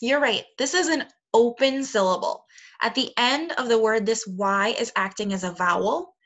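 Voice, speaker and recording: A woman teaching young children a phonics lesson, speaking slowly and clearly with encouraging praise. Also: on the high side, a bit bright. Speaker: second grade teacher. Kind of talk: recorded remote phonics lesson.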